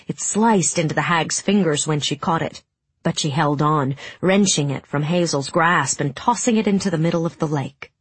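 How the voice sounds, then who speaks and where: Low husky woman narrating. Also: dry recording. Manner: measured, dramatic storytelling. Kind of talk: audiobook narration.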